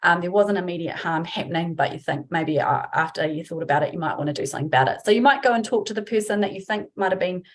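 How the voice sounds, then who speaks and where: A woman's voice: on the low side, fast, hardly any pauses. A woman giving a webinar talk as a workplace trainer, chatty and informal, acting out example phrases. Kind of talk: webinar presentation.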